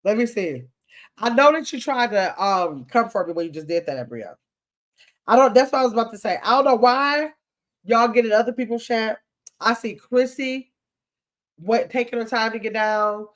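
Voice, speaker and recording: A talkative older woman hosts a casual livestream, playfully reading viewer comments aloud. Her fairly high voice has lively intonation and a moderate pace.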